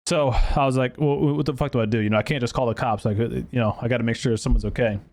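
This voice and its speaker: A man's voice: mid-range voice, fast talker. Profane storytelling podcast host man. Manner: profane, animated storytelling with acted quotes; lots of fillers and restarts. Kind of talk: casual storytelling.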